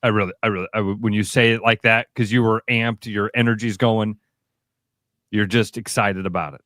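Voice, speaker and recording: A man's voice: lowish voice, steady tone, normal speed, a bit bright, no echo, studio quality. A man co-hosting sports radio, talking animatedly with frequent restarts and some swearing.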